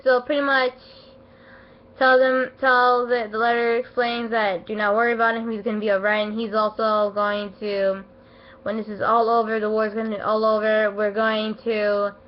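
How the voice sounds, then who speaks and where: A woman giving a casual, rambling anime episode review, emotional and excitable, full of fillers and restarts, her voice not at its best as she feels unwell. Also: medium pitch, slight background noise. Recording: dull lo-fi home recording.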